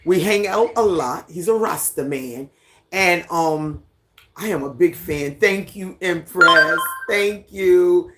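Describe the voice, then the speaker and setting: A livestream host who has lived on a Caribbean island for ten years, chatting casually with viewers at home and reading out their comments in an unhurried way. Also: medium pitch, slight background noise. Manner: relaxed, unhurried, greets and reads out viewer comments. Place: at home, indoors, near a fan.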